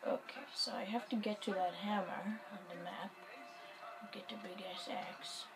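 A woman giving casual gameplay commentary, excitable and jokey, muttering and whispering to herself. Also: medium pitch, normal speed, a crowd in the background, rough recording.

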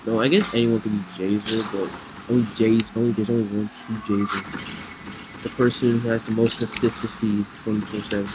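A man giving excitable let's play commentary, reacting loudly to the plays. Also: on the low side, a little fast. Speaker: gamer. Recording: noisy with game sounds behind.

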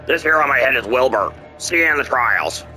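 A man's voice: medium pitch, lively intonation, a little fast, bright, forceful tone, faint music behind, low-quality recording. A man voicing a cheerful, folksy chainsaw-wielding hillbilly.

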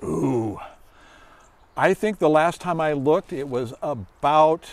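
Middle-aged male dog handler with a high-pitched voice; goofy animated praise for his dog, relaxed explanations for kids. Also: slow pace, no echo. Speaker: search and rescue dog handler. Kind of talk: demonstration for children.

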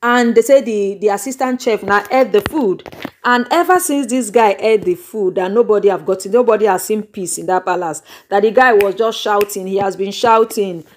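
A young woman with a Nigerian accent hosting a YouTube channel, retelling gossip in an animated storytelling way with dramatic exclamations. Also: mid-range voice, moderate pace. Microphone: microphone.

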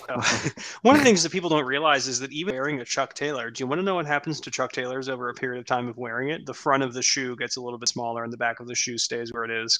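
Male co-host, crisp bright voice, chatty and joking, loose podcast delivery. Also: mid-range voice. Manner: chatty, joking, many fillers and restarts. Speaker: strength coach co-host. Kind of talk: casual podcast chat reviewing lifts.

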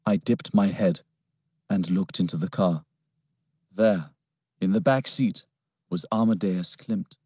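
A man narrating an adventure audiobook in first person with a steady storytelling manner. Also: sits low, slow pace, long pauses, breathy edge, dry recording. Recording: dull lo-fi, dry recording.

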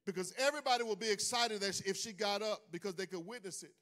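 Male pastor, high voice, preaching that rises into sung shouts. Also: fast. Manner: preaching with call-and-response, rising into sung shouts. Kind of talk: sermon. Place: church sanctuary.

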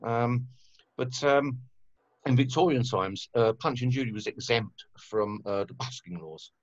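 A man's voice: mid-range voice, a little slow, no echo, highs cut off. A man, a guest telling rambling stories with lots of fillers and swearing in a casual conversation. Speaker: guest musician.

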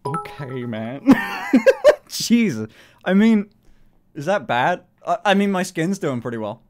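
In a relaxed live-stream chat, a British man speaks at normal speed with a slightly high voice, animated throughout, swearing heavily and laughing often.

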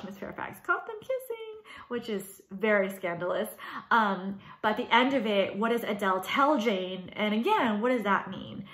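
A woman teacher giving a casual, animated video lecture, talking with lots of fillers. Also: mid-range voice. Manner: chatty and animated, many fillers. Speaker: high school English teacher. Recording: roomy echo.

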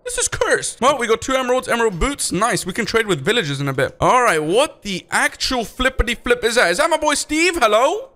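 A young man hosting a gaming video, giving excitable, jumpy gameplay commentary and talking to his viewers. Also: extremely high pitch, fairly quick, few pauses.

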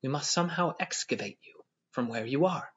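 A man voicing an excitable, tearful young wife who pleads and frets. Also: medium pitch, fairly quick, a little hiss or hum, natural voice. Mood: anxious pleading. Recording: dull lo-fi audio.

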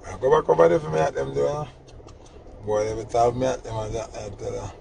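A man with a Jamaican accent telling a funny story in casual chat, animated and laughing. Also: medium pitch, quick pace, creaky. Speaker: host.

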